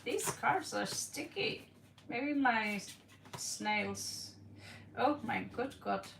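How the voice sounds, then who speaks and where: A woman's voice: a little high, lively intonation, very slow, gravelly, echoey room, distant mic, very noisy. A woman reading tarot on a live stream, playful, giggly and rambling, recorded in her own room. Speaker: tarot reader.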